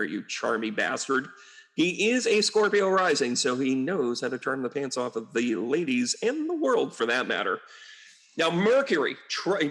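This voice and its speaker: A man's voice: medium pitch, fairly bright tone. A man who works as an astrologer and medium gives a casual, joking and rambling astrology reading.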